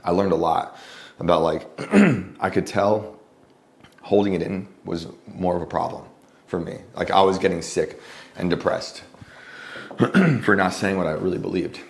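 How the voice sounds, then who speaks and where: Low-voiced man rambling through a story. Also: unhurried, slight background noise. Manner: rambling, full of "like" fillers, frequent throat clearing. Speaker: guest journalist. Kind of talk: casual conversational storytelling. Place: home, at a lunch table.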